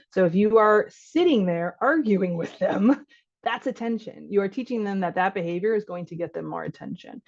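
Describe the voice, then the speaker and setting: Chatty woman doctor, slightly dull audio. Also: medium pitch. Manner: lively, often laughing, acts out parent and child lines. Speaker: physician leading a caregiver workshop. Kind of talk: conversational workshop talk. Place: online workshop.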